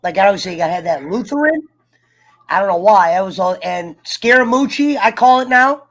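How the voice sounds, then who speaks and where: A man hosting a casual livestream chat, joking and swearing while reading shout-outs from the chat. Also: sits high, lively intonation, moderate pace. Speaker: show host.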